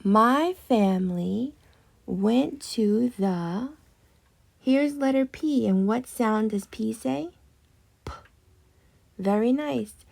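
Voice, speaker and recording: Speaking with a fairly high pitch and vocal fry, a woman leads young children through an early reading lesson. She is patient and slow, drawing out each word she models.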